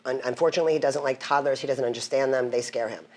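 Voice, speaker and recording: A woman in her fifties, a podcast guest chatting casually and telling stories with lively acted-out quotes. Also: rumbling low, racing. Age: 50s. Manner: animated storyteller who acts out quoted voices. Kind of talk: casual chat.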